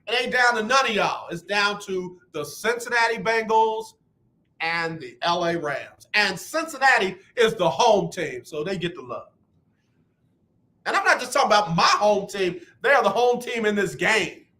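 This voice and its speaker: Loud trash-talking radio host man. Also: sits high, lively intonation, normal speed. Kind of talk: animated sports talk radio.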